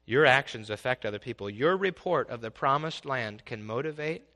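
A man preaching a sermon as pastor, swinging from quiet asides to loud, exclaiming passages. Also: medium pitch, animated, moderate pace.

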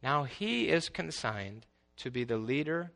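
Energetic male preacher, bright and gravelly. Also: mid-range voice, a little slow. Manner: preachy, swings from quiet to loud exclaiming. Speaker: pastor. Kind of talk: sermon.

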